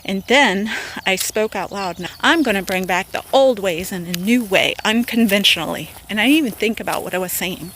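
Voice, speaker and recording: A woman gives a heartfelt personal testimony in a casual, unscripted way. Her pitch sits in the middle, and she acts out her own words and God's replies. A clear layer of background noise runs under her voice. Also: fairly quick, fairly bright tone. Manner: earnest and emotional, with many filler words like "like" and "okay?"; acts out quotes of herself and of God. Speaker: self-made online minister. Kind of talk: casual spoken testimony to the camera.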